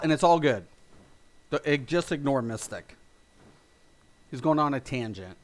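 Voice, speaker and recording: A man's voice: mid-range voice, lively intonation, unhurried. A man streaming about games, ranting in a heated, profane way with many restarts. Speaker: gaming streamer. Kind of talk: ranting livestream commentary.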